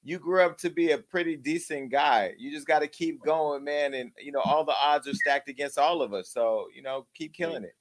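Man, 40s, call-in show host, blunt, slangy, encouraging, slightly high voice. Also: normal speed, few pauses. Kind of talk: casual call-in show chat.

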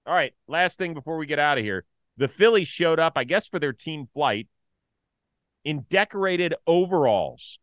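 A man co-hosting a baseball talk show, chatting casually, swinging from loud jokes to mumbled asides. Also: fairly high pitch, lively intonation, moderate pace, no room sound.

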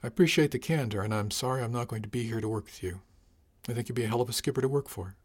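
A man's voice: mid-range voice, rapid-fire, no room sound, natural voice. A man voicing a young starship officer who talks in a plain, sincere way in an audiobook. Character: young male starship officer, hesitant and frank. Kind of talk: audiobook character voice.

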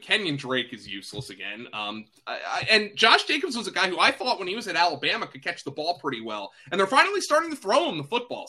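Male fantasy analyst, chatty podcast delivery, very bright tone, slightly high voice. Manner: quick, chatty, self-deprecating, many fillers and restarts. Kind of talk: casual sports podcast chat.

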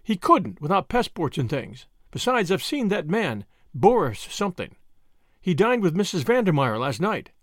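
A man voicing a spirited, plucky young Englishwoman in an audiobook, eager and quick to object. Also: high-pitched, sing-song, fairly bright tone, no room sound, studio quality, heavily acted. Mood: worried.

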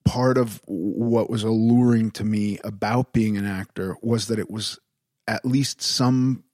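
Slow, halting male podcast host. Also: on the low side, fairly even intonation, a little mellow, dry recording, clean studio sound. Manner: unhurried, halting, with restarts. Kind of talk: casual podcast chat.

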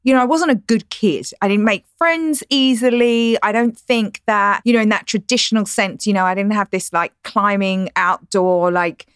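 A woman in her forties from East London with a softened East London accent, a guest chatting candidly in a podcast interview, laughing easily and filling her talk with "like" and "you know.". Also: medium pitch, steady tone, moderate pace, few pauses, smooth, no echo, clean studio sound. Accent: East London English, softened. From East London, England. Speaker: guest entrepreneur. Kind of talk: casual interview chat. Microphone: studio podcast mic.

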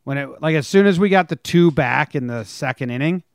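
A man's voice: a little high, expressive, fairly quick, gravelly, dry recording, clean studio sound. A man co-hosting a casual sports podcast, laid-back and teasing. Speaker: podcast co-host.

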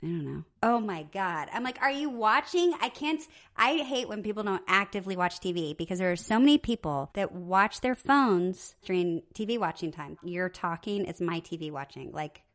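A woman's voice: lowish voice, animated, normal speed, hardly any pauses. Playful, laughing woman podcast co-host. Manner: playful, teasing, laughs often. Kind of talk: casual chat.

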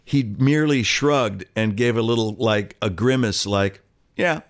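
A man in his sixties, an actor guest telling an animated anecdote and acting out other people's voices. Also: fairly low pitch, unhurried. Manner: animated storyteller, acts out quoted voices. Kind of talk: conversational anecdote.

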